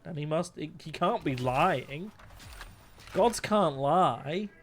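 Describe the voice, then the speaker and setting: A man's voice: a little high, expressive, slow, fairly bright tone, a little hiss or hum. A man streaming a game, chatting in a joking, rambling way. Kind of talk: casual gaming stream chat.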